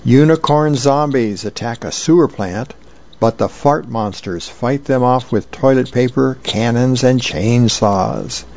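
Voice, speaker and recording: A man's voice: mid-range voice, unhurried, a little mellow, highs cut off, natural voice. A man reading the lines of an eager young boy from a comic strip. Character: young boy eager to show his drawing.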